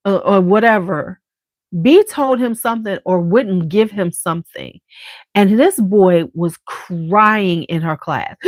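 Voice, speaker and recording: A woman's voice: mid-range voice, no echo. Casting: middle-aged woman vlogger, blunt and salty storyteller, close dry sound. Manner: blunt, profane, animated storyteller. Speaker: vlogger and school staff member. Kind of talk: casual storytelling chat.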